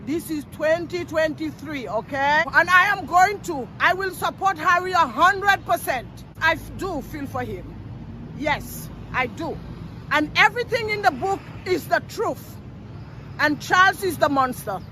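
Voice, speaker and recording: A woman speaks up in a street interview, high and bright in tone, with fierce, emphatic conviction. Faint traffic hums behind her outdoors. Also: expressive, unhurried. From Caribbean. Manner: impassioned, indignant, emphatic.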